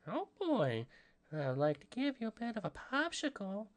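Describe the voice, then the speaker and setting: A man's voice: high-pitched, wildly swooping pitch, moderate pace, pitched above the performer's own voice. A man doing a whistly-voiced old man, Herbert. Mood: leering. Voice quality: whistling sibilants through teeth.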